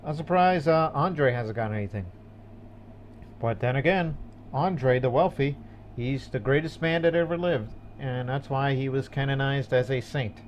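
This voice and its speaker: A man's voice: medium pitch, moderate pace, a little hiss or hum. A man rambling through casual, jokey commentary while playing a video game. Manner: rambling and jokey, with many restarts. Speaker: gaming channel host. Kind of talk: casual let's-play commentary.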